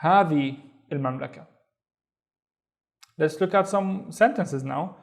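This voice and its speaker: A man teaching a beginner reading lesson, sounding out syllables slowly and patiently and repeating each word. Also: a little high, creaky. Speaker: language teacher.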